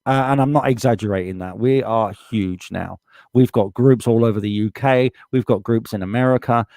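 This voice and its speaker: A man's voice: medium pitch, moderate pace, dark tone, no echo, studio quality. A man with a British accent hosting a live stream, reading out viewer comments in a casual, blunt way and swearing freely as he gets heated. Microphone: desktop USB microphone.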